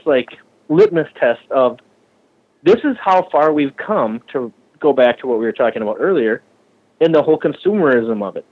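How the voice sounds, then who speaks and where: A man from the Minneapolis area who runs a shop and builds bikes, talking casually and with lots of swearing, often acting out other people's lines in a higher voice. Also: lively intonation, brisk, breathy edge, muffled recording. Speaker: shop owner and bike builder. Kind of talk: casual podcast conversation.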